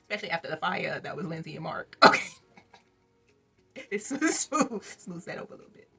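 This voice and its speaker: A woman's voice: low-pitched, fairly even intonation, fast, bright, forceful tone, faint music behind. A young woman reviewing a reality TV episode in a chatty vlog, laughing often and throwing in slangy asides to her viewers. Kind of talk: casual commentary vlog.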